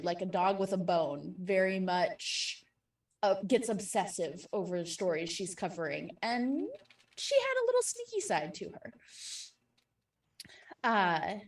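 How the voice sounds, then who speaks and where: Woman GM, slow, filler-heavy narration, set back from the mic in a roomy room. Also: medium pitch, big pitch swings, far from the mic. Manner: slow, laughing, with many fillers. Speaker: game master. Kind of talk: narrating a tabletop game.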